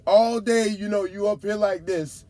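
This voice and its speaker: Animated high-voiced trucker telling road stories. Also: male voice, a little slow. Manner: animated, slangy, acts out other drivers with whoops. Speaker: truck driver vlogger. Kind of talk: casual storytelling monologue.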